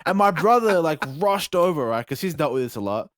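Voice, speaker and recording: A young Australian man, a podcast host, telling a story in casual chat, animated and profane, acting out moments with yelps. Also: fairly high pitch, brisk, no room sound, clean studio sound. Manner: animated, profane, acts out scenes with yelps and shouts.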